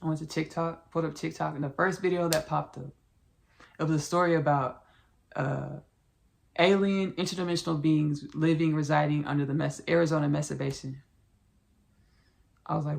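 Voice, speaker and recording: In a low, slightly mellow voice with vocal fry, a Southern US country-accented podcast host speaks fairly quickly and in a steady tone. Her spiritual monologue rambles and circles back with frequent restarts, and she calls her audience "y'all" and "baby."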